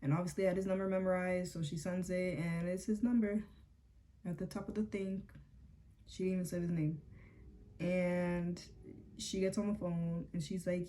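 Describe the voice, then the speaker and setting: A woman's voice: lowish voice, level tone, normal speed, mellow. A young woman telling a story casually as she gets ready, full of "like" and "um" fillers and acted-out quotes. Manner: chatty, fillers like "like" and "um", acts out quotes. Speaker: beauty vlogger.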